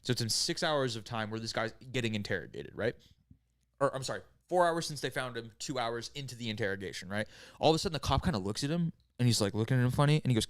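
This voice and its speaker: A man's voice: medium pitch, smooth, dry recording, clean studio sound. A man casually telling a grim story to friends on a podcast, rambling and profane, with many "right?"s and "like"s. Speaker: podcast host.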